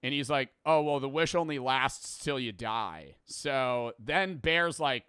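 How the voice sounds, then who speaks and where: Young guy, bright crisp voice, rambling profane movie recap. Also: medium pitch, lively intonation, slow, no room sound, clean studio sound. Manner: rambling, profane, laughs at the story. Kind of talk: casual movie plot recap.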